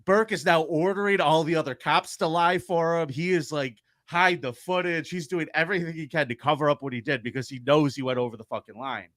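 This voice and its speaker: A man co-hosting a podcast, telling a true-crime story in an animated, profane way. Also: on the high side, brisk, hardly any pauses, no echo, studio quality. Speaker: podcast co-host.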